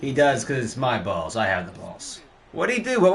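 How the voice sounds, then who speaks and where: An excitable young man talks over his basketball video game live, trash-talking the opponents and yelping when plays go wrong. His pitch swings widely and his voice sits in a middle register. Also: moderate pace, vocal fry, slightly rough. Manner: excitable, trash-talking, jumps into high yelps. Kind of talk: live gameplay commentary.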